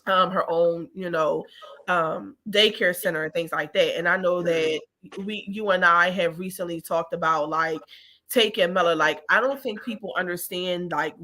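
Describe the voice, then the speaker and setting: Chatty, bright-voiced woman co-host. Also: fairly low pitch. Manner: animated storyteller, chatty with many fillers. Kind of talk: casual money talk.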